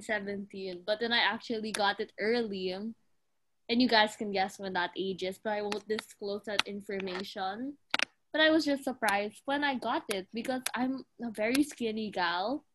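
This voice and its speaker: A woman's voice: medium pitch, background noise. A young woman co-hosting a casual chat, giggling often and reacting to stories. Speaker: podcast co-host.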